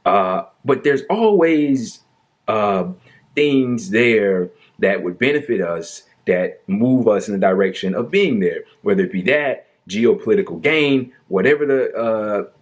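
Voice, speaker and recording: Male commentator, low voice, sarcastic and animated, debunking a politician's claims. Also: unhurried. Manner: mocking, exaggerated fake sorrow and sighs; animated, argumentative, incredulous.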